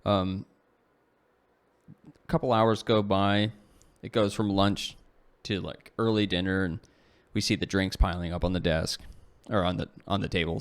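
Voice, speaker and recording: A man's voice: sits low, fairly even intonation, normal speed, clean tone. A man co-hosting a podcast, casually telling a long story, rambling with lots of "like" and "you know" and correcting himself as he goes. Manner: self-correcting, self-deprecating asides. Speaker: podcast co-host.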